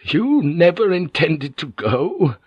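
A man's voice: mid-range voice, moderate pace, no echo, dull audio, close to an everyday voice. A man voicing a loyal, blunt old samurai general in an audiobook, eager and deferential. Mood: astonished. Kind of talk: audiobook character voice.

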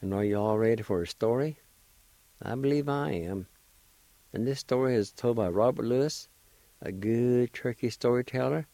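A middle-aged man hosting a radio show, introducing a story in a relaxed, chatty way. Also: mid-range voice, moderate pace, dry recording. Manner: relaxed, chatty, gives friendly advice.

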